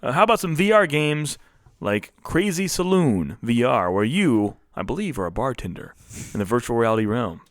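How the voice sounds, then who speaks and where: A man's voice: medium pitch, big pitch swings, normal speed, no room sound, studio quality. A man co-hosting a podcast, chatting casually and laughing often as he runs through gaming news. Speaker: podcast co-host. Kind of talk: casual chat.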